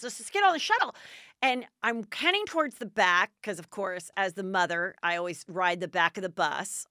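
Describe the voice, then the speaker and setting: A woman's voice: on the low side, sharp tone, clean tone, dry recording, studio quality. A middle-aged woman podcast host telling a story in a casual, chatty way and acting out the dialogue in bursts.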